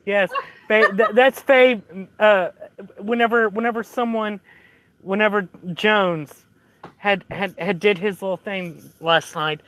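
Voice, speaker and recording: A man's voice: sits high, fairly even intonation, a little slow, a bit bright, slight background noise. A man telling a movie plot in casual chat, rambling through fillers and restarts.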